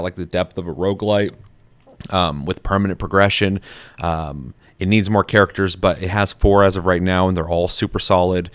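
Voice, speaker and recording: A man's voice: low voice, fairly bright tone, smooth, no room sound. A man hosting a gaming podcast, chatting casually with frequent swearing and fillers. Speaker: podcast host.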